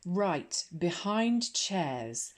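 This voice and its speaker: A woman with an English accent voicing a brisk, imposing and arch female headmistress in an ASMR audiobook reading, giving loud, firm orders to a class. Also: sits low. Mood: commanding. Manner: loud firm commands, crisp directions.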